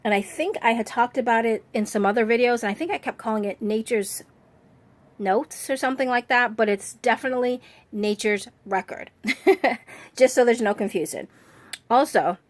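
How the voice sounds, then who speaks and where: A woman's voice: on the high side, moderate pace. Woman, craft channel host, casual walkthrough, chatty and friendly, talking around a cough drop.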